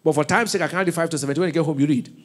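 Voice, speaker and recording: A man with a Nigerian accent preaching a sermon in a church, with call-and-response questions, shouted bursts and laughing asides. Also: a little high, rapid-fire. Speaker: pastor.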